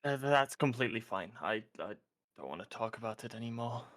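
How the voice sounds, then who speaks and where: A man's voice: medium pitch, lively intonation, a little fast, a bit bright. Hesitant mid-voiced male player. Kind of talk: casual game chat.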